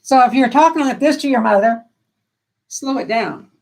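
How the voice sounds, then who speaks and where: A woman's voice: fairly high pitch, moderate pace, vocal fry, a little mellow, low-quality recording. A woman hosting a live stream and giving advice on dementia care in a folksy, earnest, down-to-earth way. She often repeats and restarts phrases as she thinks aloud.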